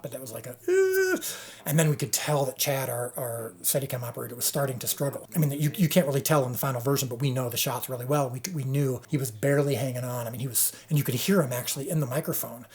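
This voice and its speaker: A man who directs a TV series, telling a story from the set in a casual way and acting out what people said. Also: mid-range voice. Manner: animated storyteller, acts out quotes. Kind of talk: casual recollection to camera.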